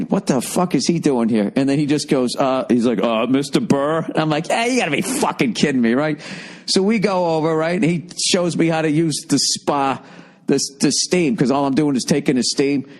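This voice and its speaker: A man in his forties with a Boston accent, rambling through a profane, animated story as a podcast host. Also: mid-range voice. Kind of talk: casual rambling monologue.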